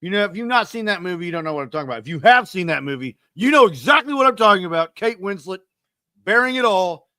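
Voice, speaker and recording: Male podcast host, 30s, bright and punchy tone, self-deprecating storyteller, dry close mic. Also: sits high, quick pace, no echo. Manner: rambling, self-deprecating, animated retelling. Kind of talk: casual storytelling monologue.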